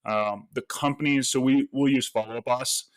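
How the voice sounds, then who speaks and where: A man, a real estate agent, telling stories as a podcast guest in a lively, casual way and acting out the lines he quotes. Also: mid-range voice, moderate pace, no echo. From United States. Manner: animated storyteller, acts out quoted voices. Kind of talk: casual interview talk.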